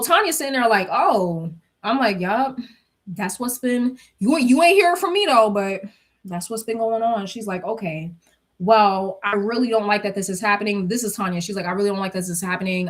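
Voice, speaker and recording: A young woman telling her viewers a workplace story in a casual, gossipy way, acting out what everyone said. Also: mid-range voice. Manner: gossipy, animated retelling with quoted dialogue and bursts of laughter.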